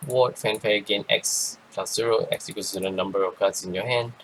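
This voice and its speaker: A man giving a rambling, casual card game review, tired and yawning, with many pauses and restarts. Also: lowish voice, steady tone, fairly bright tone, slight background noise, rough recording. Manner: rambling, lots of ums and restarts. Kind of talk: casual commentary.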